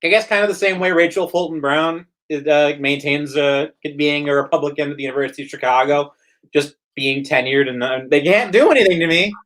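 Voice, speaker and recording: A man's voice: on the high side, brisk, a bit bright. A man hosting a casual livestream chat while drinking, rambling with stammered restarts. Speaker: stream host.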